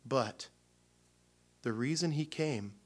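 A man telling a personal story from the pulpit in a midrange voice. He talks loosely and with feeling, stopping and restarting often. The tone stays warm and unscripted. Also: medium pitch, slow. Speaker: pastor. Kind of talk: sermon before communion.

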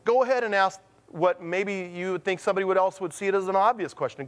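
A man preaching a sermon as a pastor, telling stories with lively acted-out quotes and slowing down to stress his main points. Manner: animated storytelling, acts out quotes with sudden pitch jumps; slows to a deliberate, emphatic delivery on key points.

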